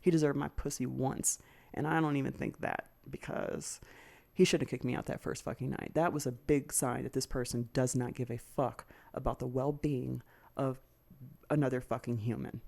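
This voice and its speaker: On her own podcast, a woman tells a personal story as a candid monologue, venting and ranting with raw, profane anger and sometimes quickly mimicking what others said. Her voice is dark, mellow and rumbling low, steady in tone, with a gravelly rasp showing through.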